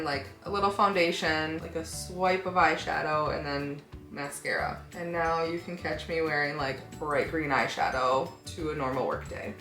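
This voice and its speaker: A woman's voice: on the low side, fairly bright tone. A woman beauty vlogger talking casually through a makeup tutorial, thinking aloud as she works and often hedging with "like" and "I don't know". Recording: echoey room with faint background music.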